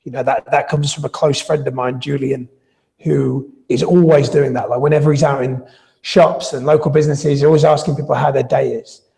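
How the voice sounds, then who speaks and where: A man's voice: medium pitch, fairly even intonation, brisk, creaky, dark tone. A man teaching a live online class on gym sales, chatty and anecdotal, often restarting his sentences. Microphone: video call style mic.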